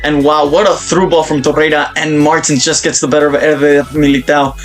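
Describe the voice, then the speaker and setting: A young man commentating his own football video game career, breaking into excited shouts at big moments. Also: on the high side, brisk, faint music behind. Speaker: gaming YouTuber.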